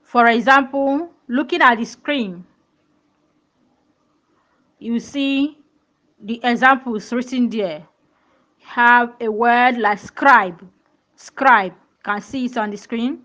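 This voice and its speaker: A woman's voice: fairly high pitch, takes it slowly, pauses often, a bit bright, dull audio. A woman teaching a pronunciation lesson, repeating words and checking that learners follow. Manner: repetitive, checks understanding with questions.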